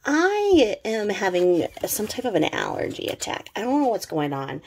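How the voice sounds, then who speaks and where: A woman's voice: mid-range voice, wildly swooping pitch, moderate pace, few pauses, darkish tone, a little hiss or hum. A middle-aged woman with a slightly sore throat, rambling in casual, sarcastic commentary full of fillers. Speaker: commentary vlogger.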